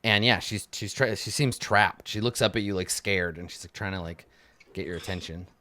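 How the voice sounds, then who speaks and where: A man's voice: deep voice, fairly even intonation, moderate pace, pushed and bright, no room sound. Guy running a tabletop game, rambly describing with lots of likes, dry close sound. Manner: loose, filler-heavy describing with many "like"s. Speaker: game master.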